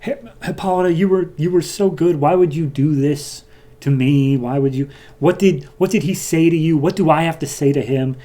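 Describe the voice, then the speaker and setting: A man's voice: on the high side, moderate pace, dark tone, voice pushed up, natural voice. A man voicing a wounded queen goddess woman who pleads and questions, while retelling a comic. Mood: pleading.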